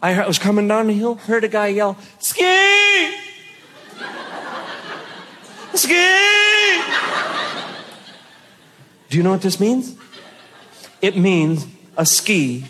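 A man performing a stand-up comedy routine, telling stories in an animated way with bursts of shouting. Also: high voice, moderate pace. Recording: noisy recording.

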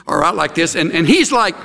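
Middle-aged male pastor, fairly high and very lively delivery, animated storyteller, big hall echo. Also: a little fast, vocal fry, a little hiss or hum. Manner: animated, acts out quotes with gasps and laughs. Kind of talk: sermon.

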